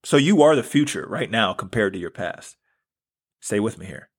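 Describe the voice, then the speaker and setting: A man's voice: on the low side, very animated, normal speed, slightly rough. A man in his thirties hosting a spiritual self-help podcast, earnest and casual, repeating phrases for emphasis. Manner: earnest, repetitive, casual slang. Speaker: podcast host.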